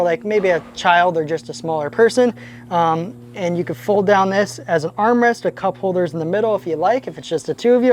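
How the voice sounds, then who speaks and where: A woman's voice: mid-range voice, a little mellow. An upbeat woman gives a casual walkthrough tour aboard a boat, chatting as she lists one feature after another. She climbs around while she talks, so she sounds slightly winded. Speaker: boating channel host.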